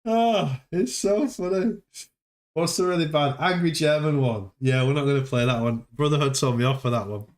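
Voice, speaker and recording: A man hosting a casual crypto livestream, laughing often between his unhurried remarks. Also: mid-range voice.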